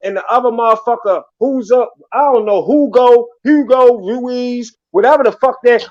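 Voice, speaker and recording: Excitable high-voiced Baltimore man. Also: moderate pace, few pauses, no room sound, dull audio. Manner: animated, profane, excitable ranting. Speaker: podcast host. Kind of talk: casual livestream chat.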